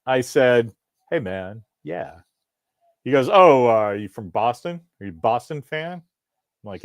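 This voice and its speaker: Low-voiced rambling podcast host, dry sound. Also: male voice, dry recording. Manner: rambling, self-interrupting, joking. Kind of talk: casual live-stream chat. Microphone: video call.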